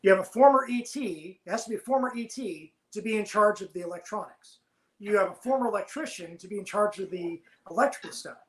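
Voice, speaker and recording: A man, a former submarine officer, telling lively stories as a podcast guest and laughing often. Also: high-pitched, quick pace, echoey room, poor audio. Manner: animated storyteller, laughs while telling. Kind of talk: storytelling in casual podcast chat.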